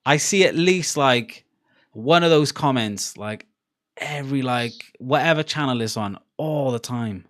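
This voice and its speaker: A Welsh man from Cardiff, speaking in a Welsh accent, chats loosely to his live stream audience. He swears often, laughs between rants, and keeps an easy, middle-pitched voice. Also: a little slow, a bit bright. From Wales, Cardiff. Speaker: livestream host. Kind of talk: casual chat on a live football watchalong stream.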